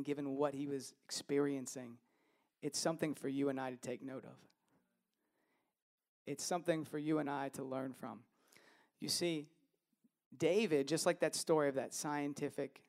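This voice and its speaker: A man in his thirties preaching a sermon, telling stories in an animated way that moves from hushed to loud. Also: medium pitch, gravelly. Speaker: pastor.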